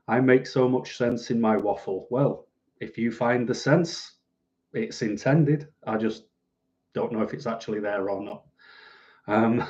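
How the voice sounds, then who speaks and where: A man's voice: medium pitch, a little mellow, dull audio. A middle-aged man chatting casually on a live stream at home, rambling and self-deprecating as he reads out viewer comments. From United Kingdom.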